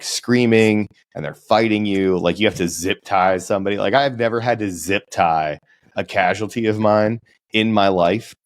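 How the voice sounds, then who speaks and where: A young man co-hosting a podcast, telling animated stories in casual chat and mimicking people he talks about. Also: dry recording, studio quality. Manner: animated storytelling, mimics people in high put-on voices. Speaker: podcast co-host.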